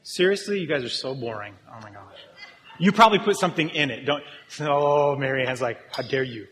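A man delivers a sermon in a relaxed, humorous manner, polling and teasing the people in front of him. His voice sits a little high for a man. It rings out with the long echo of a large church hall. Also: fairly quick. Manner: casual, joking, talks with the congregation. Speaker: pastor.

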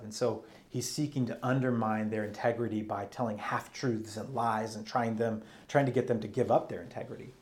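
A man's voice: medium pitch, a little mellow. A man preaching a teaching sermon, reading passages aloud and then explaining them step by step.

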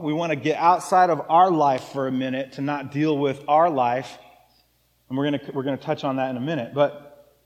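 A man's voice: fairly high pitch, big-room sound. A man preaching a casual, joking sermon as pastor of a church. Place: church sanctuary.

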